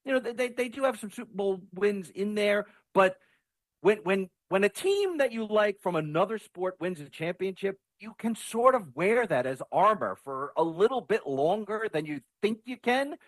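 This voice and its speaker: A man talking sports casually and excitedly, often repeating words as he starts a thought. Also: sits high, normal speed, no room sound. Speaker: sports radio guest.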